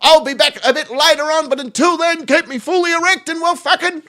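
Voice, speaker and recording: A man's voice: very high voice, steady tone, a little fast, sharp tone. A man hosting a live stream, chatting casually and telling jokes, often swearing. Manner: sweary, joking storyteller.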